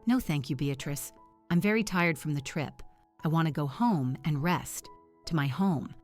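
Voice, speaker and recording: A woman voicing a weary young bride who speaks quietly but firmly. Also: deep voice, expressive, normal speed, faint music behind. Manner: quiet then firm. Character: weary young bride finding her strength.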